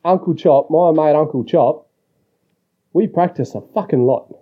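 A man's voice: fairly high pitch, a little slow, breathy edge. An Australian man leaving a crude, teasing voicemail rant for a podcast, full of swearing. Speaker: voicemail caller. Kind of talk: rowdy profane voicemail rant. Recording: muffled voicemail audio.

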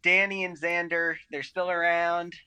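A man guesting on a casual podcast chat, rambling in a relaxed way. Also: high voice, unhurried, clean tone. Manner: rambling, many fillers and restarts, relaxed. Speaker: podcast guest, tennis writer.

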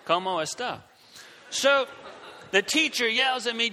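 Animated middle-aged male preacher, bright tone. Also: extremely high pitch, measured pace, long pauses, long reverb tail. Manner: animated, acts out voices in his story. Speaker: Christian speaker. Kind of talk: storytelling sermon.

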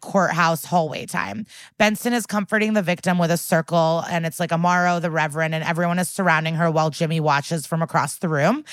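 A woman's voice: on the low side, a bit bright, no room sound. A woman co-hosting a podcast, recapping a TV episode in casual chat with blunt, profane outrage. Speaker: podcast co-host.

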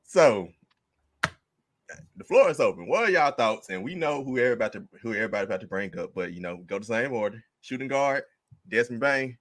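Bright-voiced easygoing podcast host. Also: male voice, mid-range voice, lively intonation, fairly quick, no echo. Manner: easygoing, laughs often, leads the segments. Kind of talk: casual sports chat.

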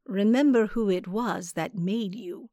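A woman voicing a cold, commanding old witch who speaks low, soft and menacing. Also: measured pace, dry recording, clean studio sound, close to an everyday voice.

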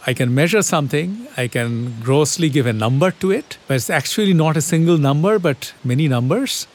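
A man reasoning aloud in conversation, careful and methodical. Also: on the high side. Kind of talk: explanatory conversation.

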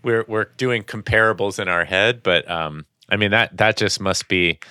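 A man's voice: lowish voice, moderate pace, pushed and bright, clear, resonant tone, no echo, clean studio sound. A man co-hosting a podcast, a former athlete, chatting casually and rambling while he searches for words. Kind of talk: casual interview chat.

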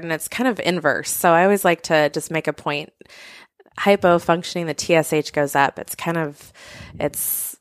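Low-voiced woman explaining with analogies. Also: clean tone, no echo, clean studio sound. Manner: thoughtful, uses everyday analogies, some restarts. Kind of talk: explanatory casual chat.

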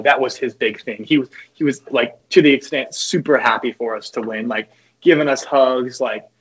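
A young man, a former college pitcher, telling loose, profane stories as a podcast guest. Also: highs cut off. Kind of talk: casual podcast chat.

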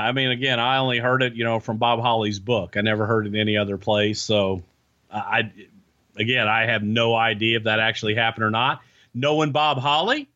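A man's voice: medium pitch, pushed and bright, lo-fi sound. A male guest telling anecdotes in a rambling way, full of fillers. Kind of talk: casual chat, anecdotes.

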